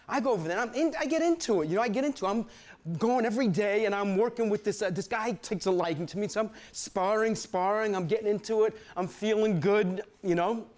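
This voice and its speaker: A man from Brooklyn, reading a personal story aloud in an animated, profane, conversational way. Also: high-pitched.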